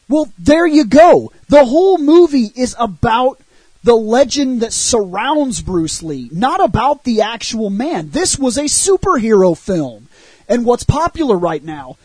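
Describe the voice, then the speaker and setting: A man on a podcast, casually and animatedly recounting a movie's plot and arguing for it, with a husky voice and loose swearing. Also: extremely high pitch, a little slow, dry recording, rough recording. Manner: animated retelling with frequent swearing. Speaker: podcast co-host reviewing a film. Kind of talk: casual film discussion.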